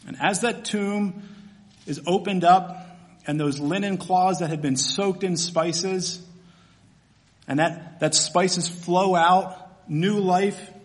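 A man's voice: high-pitched, steady tone, slow. A man, a pastor, preaching a sermon in a conversational, storytelling way with casual fillers.

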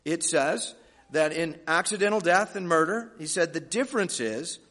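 A man's voice: fairly high pitch, expressive, normal speed, a bit bright. A male pastor preaching a sermon, explaining scripture with folksy joking asides to the congregation. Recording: long hall reverb.

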